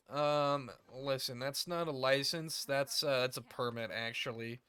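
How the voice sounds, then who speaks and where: A man's voice: medium pitch, fairly even intonation, unhurried, bright, forceful tone, clear, resonant tone. A man streaming a game, chatting casually with crude jokes and rambling asides. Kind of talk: casual gameplay commentary.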